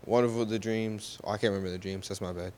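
Speaking fast in a fairly low, slightly mellow voice with fairly even intonation, a man retells a Bible story in a relaxed way. He often asks his listeners "right?" and fixes his own mistakes as he goes. The hall adds a long reverb.

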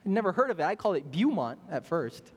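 Young male pastor, emphatic sermon delivery, animated pitch, reverberant hall. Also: racing. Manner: emphatic preaching, repeats phrases, asks the congregation questions. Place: church sanctuary.

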